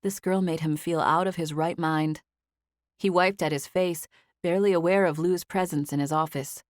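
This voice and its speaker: Female audiobook narrator, low and measured, dry studio. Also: no room sound. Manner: even, measured storytelling. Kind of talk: scripted narration.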